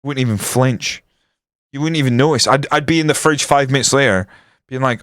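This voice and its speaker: A man commentating his football management game on a live stream, swearing and ranting, then breaking into excited match commentary. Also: medium pitch, brisk, clear, resonant tone, no echo, clean studio sound.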